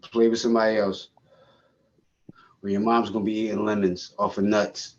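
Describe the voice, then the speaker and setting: A man co-hosting a podcast, telling a story in casual, profane, animated chat and laughing often. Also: on the low side, normal speed, dull audio. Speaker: podcast co-host.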